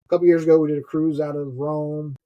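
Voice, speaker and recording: In casual podcast conversation, a middle-aged man with a Southern US accent from the Gulf Coast swears freely and laughs frequently. His fairly high, mellow voice barely shifts in pitch and moves fast, and the sound quality is lo-fi.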